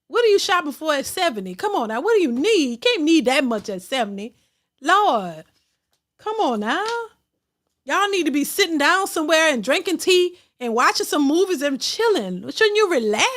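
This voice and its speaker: A woman hosting a livestream, chatting casually and reading out super chats, with speech, blunt and animated, laughing often. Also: sits high, normal speed.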